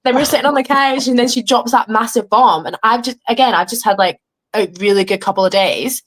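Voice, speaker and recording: A young woman with an English accent, a reality show contestant telling her story at home in a casual interview, animated and swearing as she acts out what others said. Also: on the high side, brisk. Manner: animated, swearing, acting out quoted dialogue.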